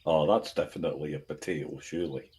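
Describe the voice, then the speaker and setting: A man's voice: very deep voice, quick pace, a little mellow, husky. A man co-hosting a podcast who rambles in casual chat, restarting sentences and trailing off. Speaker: podcast co-host.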